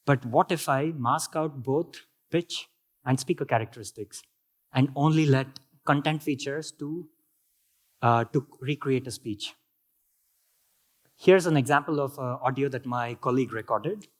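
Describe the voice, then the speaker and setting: A man's voice: medium pitch, unhurried. Indian man giving a technical talk. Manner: explanatory, with frequent fillers and restarts. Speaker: conference speaker.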